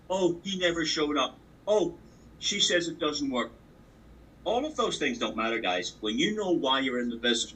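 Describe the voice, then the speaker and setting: Over call audio, a business opportunity trainer delivers an emphatic, repetitive motivational training talk, hammering his points home with sports analogies. His voice is medium-pitched and sharp, but it's recorded from a distance and the audio is poor.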